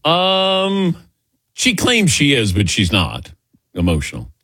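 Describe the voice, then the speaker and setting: A man's voice: fairly high pitch, wildly swooping pitch, slow pace, bright, forceful tone, dry recording. A man in his sixties hosting a call-in sports radio show, chatty and laughing easily as he tells stories. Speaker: radio sports talk host.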